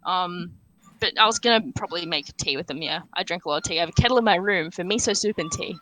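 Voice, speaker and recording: A young woman chats as a guest on a podcast. Her voice is bright and her pitch moves around a lot, and she talks in a matter-of-fact way with plenty of fillers. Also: huge pitch swings, fast talker, slight background noise, low-quality recording. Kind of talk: casual chat.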